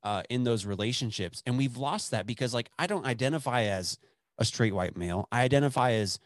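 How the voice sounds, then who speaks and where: A man's voice: medium pitch, expressive, fairly quick, no echo, studio quality. A man in his twenties from West Texas, rambling and swearing freely in casual chat, laughing often. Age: 20s.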